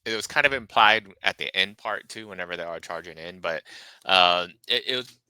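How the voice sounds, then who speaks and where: A man appearing as a podcast guest, speaking casually and haltingly with many restarts. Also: low voice, sharp tone, smooth, no echo, rough recording.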